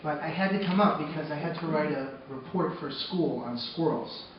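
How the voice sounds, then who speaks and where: A man with a fairly high voice tells a personal story on stage at an arts center, dropping to hushed, sombre tones and then rising to loud, excited retelling. He is picked up from far off in a very echoey hall, and the sound is dull with steady noise behind him. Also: brisk. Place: arts center stage before a live audience.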